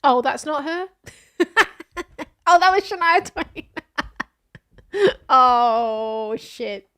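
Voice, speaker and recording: A woman streamer reading news posts aloud and reacting in a casual, animated way, with exclamations. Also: high voice, very slow.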